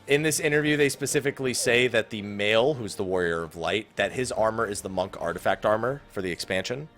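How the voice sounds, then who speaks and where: A man hosting a casual gaming podcast, talking in a lively way and acting out quoted people. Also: fairly low pitch, fairly quick, soft background music. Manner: animated, mimics people in quotes. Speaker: podcast host.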